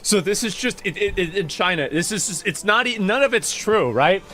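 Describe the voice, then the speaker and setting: A fairly high-voiced male streamer chatting off the cuff, scrolling through posts and reacting to chat. He rambles and restarts, swears freely and mocks his critics. Faint music plays under his voice. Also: lively intonation, normal speed, sharp tone. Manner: rambling, profane, mocking, restarts often.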